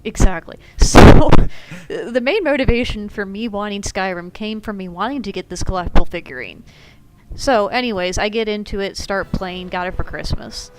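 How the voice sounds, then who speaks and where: A woman's voice: medium pitch, moderate pace, heavy background noise. Dry, teasing woman on a gaming podcast. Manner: relaxed, dry teasing humor, rambling storyteller. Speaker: podcast co-host. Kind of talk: casual gaming podcast chat.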